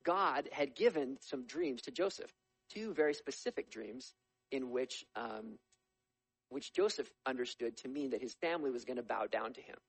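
A man preaching a sermon as a lively storyteller, with humorous asides. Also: mid-range voice, moderate pace, vocal fry, slightly rough, no room sound, low-quality recording. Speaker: pastor.

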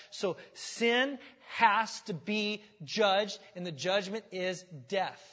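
A man's voice: high voice, husky. Man preaching in an echoing hall. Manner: conversational preaching that swells to loud, emphatic passages. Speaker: pastor. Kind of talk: sermon.

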